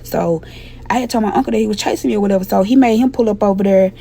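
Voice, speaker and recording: A young adult woman, a storytime vlogger, tells a personal story casually and bluntly, with candor and profanity. Her medium-pitched voice is mellow and creaky, and she talks rapid-fire. There's a little hiss or hum in the recording.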